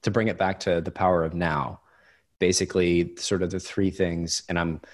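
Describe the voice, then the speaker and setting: A man's voice: low voice, level tone, normal speed. A man in casual podcast conversation, talking reflectively with hesitations and restarts.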